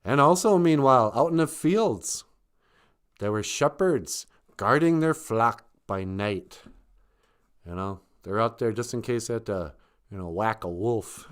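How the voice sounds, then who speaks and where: A man's voice: mid-range voice, a little slow. A man casually retelling a story on a live stream, joking and chuckling.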